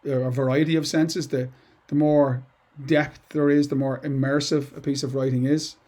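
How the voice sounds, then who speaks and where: A middle-aged English teacher gives students an informal poetry lesson, chatty and digressive, full of asides and restarts. His medium-pitched voice has a dark tone, little pitch movement and a moderate pace.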